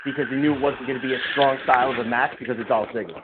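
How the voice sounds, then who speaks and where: A man's voice: mid-range voice, steady tone, rapid-fire. A man co-hosting a comedy podcast, speaking casually and easygoing while steering the rundown. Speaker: podcast co-host. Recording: tinny phone line with crowd noise behind.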